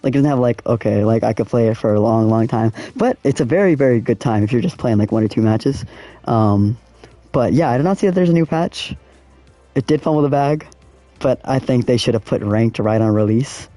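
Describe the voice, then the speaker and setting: A man's voice: medium pitch, animated, brisk, warm tone, dry recording, faint music behind. A young man casually talking to his viewers in slangy speech while he plays a racing game. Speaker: gaming streamer. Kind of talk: casual live-stream commentary.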